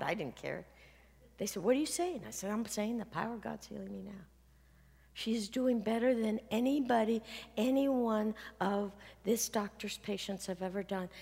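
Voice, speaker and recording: Woman preaching in an echoing hall. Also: medium pitch. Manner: earnest storytelling, quotes others, drops to near-whisper at emotional points. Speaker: minister. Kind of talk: sermon. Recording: long hall reverb.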